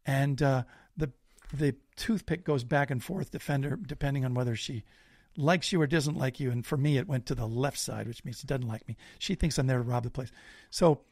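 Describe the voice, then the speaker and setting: A man guesting on a podcast, spinning a self-deprecating anecdote with animated delivery. His voice has a gravelly texture. The sound is dry and close to the mic. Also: medium pitch, normal speed, no echo. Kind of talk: casual storytelling.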